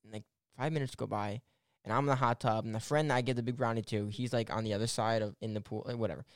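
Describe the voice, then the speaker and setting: A young man with a lowish voice talks fast, telling a rambling, casual story packed with fillers and restarts. He's animated, swearing freely and laughing throughout, and the recording is dry with clean studio sound.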